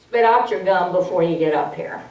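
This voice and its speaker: A woman presenting a public speaking workshop, slow, humorous and instructive, heard from a distance in an echoey hall. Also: lowish voice, a little mellow. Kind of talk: public speaking training demo. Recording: distant mic in an echoey hall, faint hiss.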